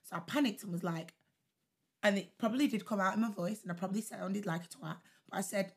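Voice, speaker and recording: A woman's voice: medium pitch, quick pace, husky. A woman co-hosting a casual podcast with her partner, heated and blunt, interrupting and swearing as she argues. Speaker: podcast co-host. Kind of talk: casual couple's argument chat.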